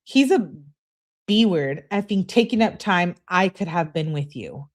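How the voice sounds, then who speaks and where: A woman voicing a jealous, demanding young woman in a whiny, high voice. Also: animated, a little slow.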